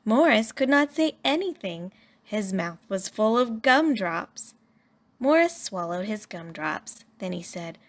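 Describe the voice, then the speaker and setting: Woman, children's story narration, gentle, slow, lively expressive pitch. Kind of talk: children's read-aloud narration.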